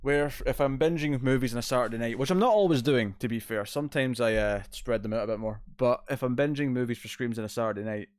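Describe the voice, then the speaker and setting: A man hosts a relaxed livestream from his couch at home, rambling and answering chat messages in a middle-pitched voice. The sound is dry, with little room echo. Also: fast, few pauses. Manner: laid-back, rambling, reads chat aloud. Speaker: streamer host. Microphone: distant mic, moves out of frame.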